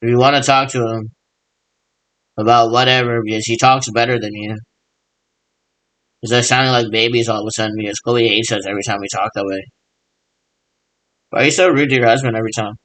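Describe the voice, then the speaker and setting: A man's voice: mid-range voice, steady tone, brisk, long pauses, fairly bright tone, no room sound, low-quality recording. A man in a rambling, improvised monologue, mimicking radio check chatter and answering himself in a repetitive back-and-forth.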